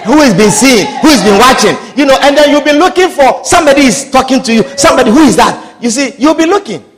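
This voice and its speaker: Man, preacher, sermon, very high voice, impassioned, repeats himself. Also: lively intonation, fast. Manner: impassioned, repetitive, calls out hallelujah and amen.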